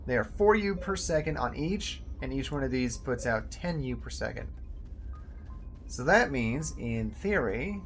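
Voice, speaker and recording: A man giving casual commentary while playing a game, chatty and talking to himself, now and then jumping up loud and high when excited. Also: a little slow, creaky, faint music behind. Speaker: gameplay video host.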